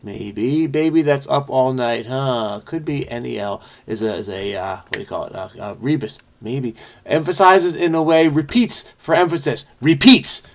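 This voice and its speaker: A man's voice: medium pitch, normal speed. A man hosting a crossword video, thinking aloud in a rambling, self-questioning way as he solves. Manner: rambling, self-questioning, frequent "I don't know". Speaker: crossword solving video host. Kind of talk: casual think-aloud puzzle solving.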